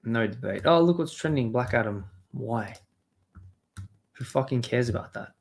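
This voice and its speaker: An animated man with vocal fry and a medium pitch talks at normal speed on his live stream, rambling, cursing, and answering what his chat says.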